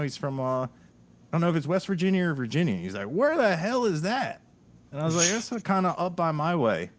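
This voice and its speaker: A man from the US Northeast hosting a podcast, telling stories in casual chat with laughs and many restarts. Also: medium pitch. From Delaware, US Northeast. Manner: animated storyteller, laughs often, many restarts. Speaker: podcast host.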